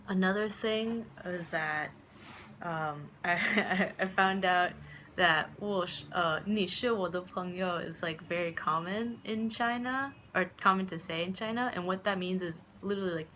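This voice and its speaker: A woman's voice: fairly low pitch, measured pace, bright, forceful tone, a little hiss or hum. A young woman from the United States rambling casually in a vlog, full of fillers and restarts, acting out the voices of people she quotes. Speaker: vlogger.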